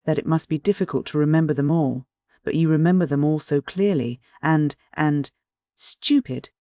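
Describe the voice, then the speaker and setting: A man's voice: fairly high pitch, dry recording, studio quality, close to an everyday voice. A man doing a tense, nervous young student. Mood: anxious. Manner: strained, feigning calm, hurried.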